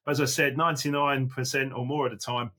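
A man, a podcast guest telling casual, animated anecdotes and acting out his own quoted lines. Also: mid-range voice, fast talker. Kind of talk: casual conversational storytelling.

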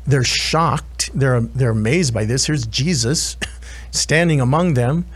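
A man's voice: mid-range voice, slow, breathy edge. A man preaching as a chaplain, retelling a scripture story earnestly with frequent restarts and asides. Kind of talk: sermon.

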